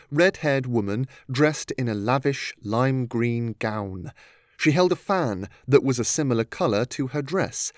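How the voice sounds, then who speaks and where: A man narrating a storybook in a steady, measured reading. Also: medium pitch, dry recording, clean studio sound. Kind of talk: audiobook narration.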